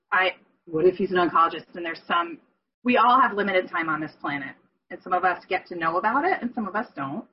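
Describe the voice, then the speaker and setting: A woman talks through a personal story in a husky, slightly breathy voice, often stopping to correct herself. The sound is dull and lo-fi, like audio from an online call. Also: medium pitch. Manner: rambling, self-correcting, emotional. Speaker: group member sharing. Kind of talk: candid personal sharing.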